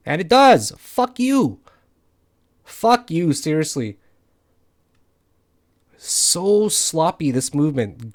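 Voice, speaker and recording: A man with a somewhat high voice talks through his trades live, worn out after a night with no sleep. He thinks out loud, gets frustrated and swears often. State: tired from no sleep. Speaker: crypto day trader. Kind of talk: live trading commentary over charts.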